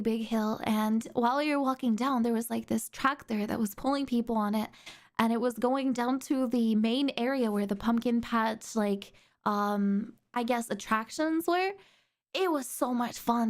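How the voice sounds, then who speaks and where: Bubbly, giggly young woman streamer. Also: a little high. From Netherlands. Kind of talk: casual chat.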